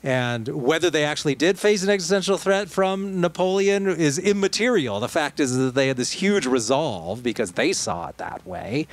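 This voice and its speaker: A man of middling pitch co-hosts a political podcast. He talks in a relaxed, meandering way and drops wry asides as he goes. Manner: conversational, digressive, with wry asides. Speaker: podcast co-host. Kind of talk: casual political discussion.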